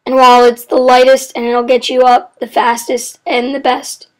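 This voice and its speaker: A woman's voice: high voice, completely flat delivery, normal speed. A woman explaining chemistry facts in a casual, rambling way, often getting sidetracked and correcting herself with apologetic asides.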